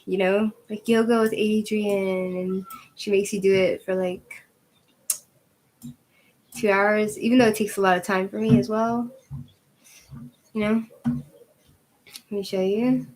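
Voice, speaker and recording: A woman talking in a loose, rambling way, filling her sentences with "like" and breaking into laughs. She is a bit out of breath as she works through stretches, and her voice sits at a middle pitch. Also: fairly even intonation, takes it slowly, pauses often, a little mellow, low-quality recording. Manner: rambling, chatty, laughs often, says "like" a lot. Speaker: tarot channel host. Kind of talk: casual chat while showing yoga moves. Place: at home with her dog.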